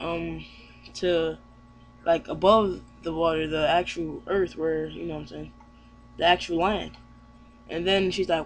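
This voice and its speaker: High-voiced man rambling through a recap. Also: slight background noise. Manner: rambling, with lots of fillers and restarts. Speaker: anime reviewer. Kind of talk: casual chapter recap.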